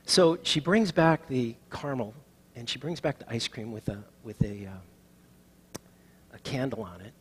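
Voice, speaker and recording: A middle-aged male pastor giving a sermon and telling stories, rising to loud proclaiming and dropping to soft, near-whispered lines. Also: mid-range voice, measured pace, breathy edge. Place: church sanctuary.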